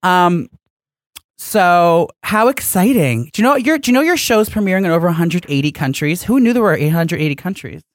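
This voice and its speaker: A man's voice: sits high, animated, fairly quick, dry recording. A man co-hosting a podcast from a studio, chatting in a campy, teasing, mock-pompous way. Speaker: podcast co-host. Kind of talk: casual chat.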